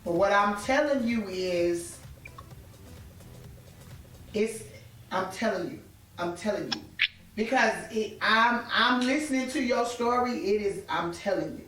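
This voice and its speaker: Slow, echoey woman host. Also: medium pitch, a bit bright. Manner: slow, insistent, repeats "I'm telling you". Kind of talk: counseling conversation. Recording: echoey, distant mic, faint music.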